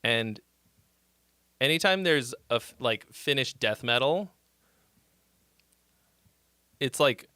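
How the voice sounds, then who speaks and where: A man hosting a casual song-critique livestream, talking in an animated, rambling way with plenty of swearing. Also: mid-range voice, slow, long pauses, clear, resonant tone, no room sound, studio quality. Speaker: music critique livestream host.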